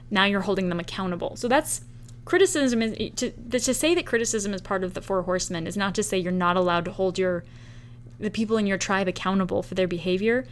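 A woman's voice: medium pitch, a little fast, a little hiss or hum. Female podcast host, solo, conversational explainer who voices little example lines. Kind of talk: solo podcast talk on relationships.

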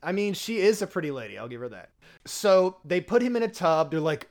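A man with a slightly higher, very lively voice jumps in eagerly during a relaxed movie conversation. He swears freely and reacts with excitable energy. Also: a little fast. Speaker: podcast co-host. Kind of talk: casual film discussion.

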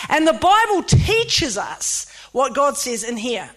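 High-voiced New woman preaching. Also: slow pace, hardly any pauses. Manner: emphatic, lively preaching with playful asides. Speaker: pastor. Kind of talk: sermon.

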